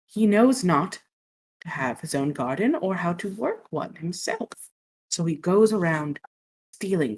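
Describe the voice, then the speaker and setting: Brief: chatty woman player telling the story, lowish voice. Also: husky. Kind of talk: storytelling in a tabletop game.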